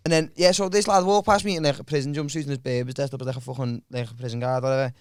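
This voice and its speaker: A man's voice: mid-range voice, fairly even intonation, very fast, smooth, no echo, studio quality. A young adult man, co-hosting a comedy podcast and rambling through a sweary story full of "lad" and "like". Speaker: podcast co-host. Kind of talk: casual storytelling chat.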